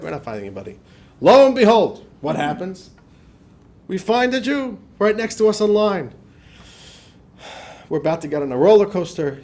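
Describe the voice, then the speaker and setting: A man teaching a class as a rabbi, telling stories in a lively lecture style, acting out quotes and laughing often. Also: fairly high pitch. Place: class in front of a live audience.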